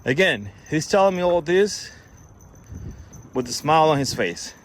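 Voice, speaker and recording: A man with a slightly high voice telling a story in a loose, rambling way, often restarting his sentences. There is a faint hiss of noise behind him. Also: sing-song, a little slow. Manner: rambling, self-correcting, quotes others in a raised voice. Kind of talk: casual storytelling.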